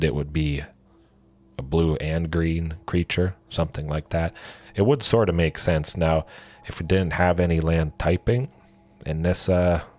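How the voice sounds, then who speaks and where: A man streaming a card game, commenting casually and thinking aloud, with excited exclamations and a lingering cough. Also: extremely low pitch. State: coughing, with a cold.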